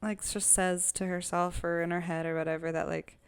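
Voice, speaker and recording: A woman's voice: lowish voice, flat delivery, fairly quick, clean tone. A woman co-hosting a casual book club podcast, chatty and recapping chapters, acting out characters' lines along the way. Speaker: podcast co-host.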